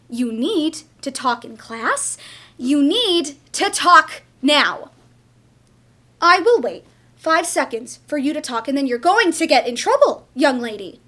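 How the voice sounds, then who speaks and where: A woman's voice: high-pitched, exaggerated voice. A woman playing a pushy, exasperated mother. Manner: nagging, swings between coaxing and shouting. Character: pushy exasperated mother scolding a silent daughter. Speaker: stage actor. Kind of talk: theatre monologue.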